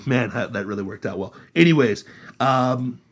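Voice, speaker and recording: A man hosting a casual political chat podcast, sarcastic and animated. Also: mid-range voice, normal speed, husky. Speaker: podcast host.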